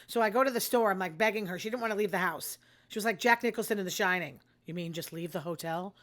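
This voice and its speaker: A woman's voice: medium pitch, racing, a bit bright. Blunt, rambling older New woman. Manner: blunt, rambling and self-deprecating. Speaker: host. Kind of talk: casual monologue.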